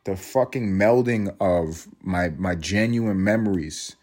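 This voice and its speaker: A man's voice: low voice, slow pace, a little mellow. A man in his thirties from East Harlem with a New York accent, hosting a solo podcast in a profane, rambling way and laughing at his own jokes. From East Harlem, New York City. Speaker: podcast host.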